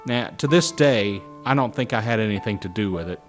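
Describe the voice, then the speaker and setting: A middle-aged man recalling his flying career in a lively anecdotal way, acting out the voices of people he quotes. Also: lowish voice, fairly quick. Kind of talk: anecdotal storytelling. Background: soft guitar music.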